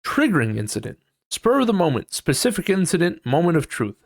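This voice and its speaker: A man's voice: on the high side, sing-song, fairly quick, gravelly, no echo, clean studio sound. A man hosting a casual solo podcast. He thinks aloud while reading, swears freely, and acts out quoted people in exaggerated voices. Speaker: podcast host.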